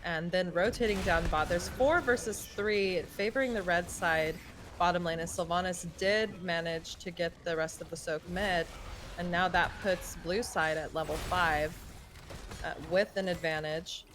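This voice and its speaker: A woman's voice: fairly low pitch, fairly even intonation, a little slow, a bit bright. Chatty woman casting a game, noisy line. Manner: chatty, joking asides. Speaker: esports caster. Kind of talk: live game commentary. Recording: noisy online stream audio.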